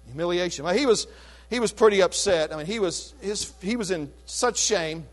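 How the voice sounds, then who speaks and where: A man preaching a sermon, retelling a scripture story in an animated, chatty way with casual asides. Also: sits high, normal speed.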